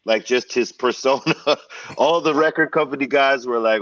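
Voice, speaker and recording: A middle-aged man telling a casual story as a guest, in an animated way, swearing and restarting often. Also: mid-range voice, normal speed. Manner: animated, profane, full of restarts. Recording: dull, slightly distant, dry sound.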